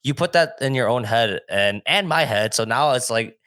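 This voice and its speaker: A man co-hosting a podcast in casual chat, easygoing and agreeable, quick to laugh. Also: medium pitch, lively intonation, fairly bright tone, clear, resonant tone, no echo, studio quality. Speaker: podcast co-host.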